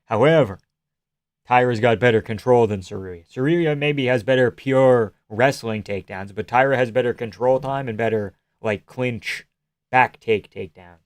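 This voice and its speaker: A man's voice: mid-range voice, moderate pace, no room sound. A man hosting a live stream, casually and profanely analyzing fights and answering chat questions.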